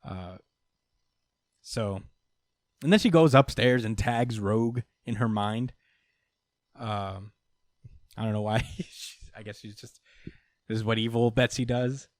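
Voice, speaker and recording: A man's voice: fairly low pitch, slow pace, pauses often, dry recording. Chatty man recapping comics, dry sound. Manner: loose and chatty, swears, laughs between lines. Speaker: podcast host. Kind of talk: casual comic book recap.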